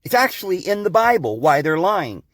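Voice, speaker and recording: High-voiced man preaching to listeners. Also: very animated, normal speed, a bit bright, no echo, clean studio sound. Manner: rambling, insistent, addresses listeners as guys and friends. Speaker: podcast host. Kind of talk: preachy monologue.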